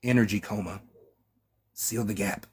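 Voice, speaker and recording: A man voicing a dying young male warrior who speaks in a faint, rasping whisper, in short broken phrases. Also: lowish voice, fairly even intonation, a little slow.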